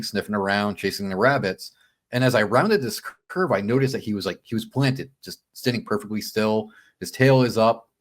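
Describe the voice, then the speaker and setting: A man telling a story as a podcast guest in casual chat, animated, acting out his own quotes and peppering talk with "man" and "dude". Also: on the low side.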